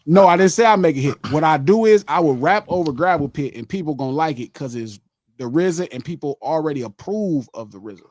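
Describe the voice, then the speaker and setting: A middle-aged man hosts a podcast in casual chat, profane and animated, acting out arguments with himself. His voice sits high and swings widely in pitch. The sound is dry and close. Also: fairly quick, no room sound. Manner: animated, profane, argues with himself in mock quotes. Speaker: podcast host.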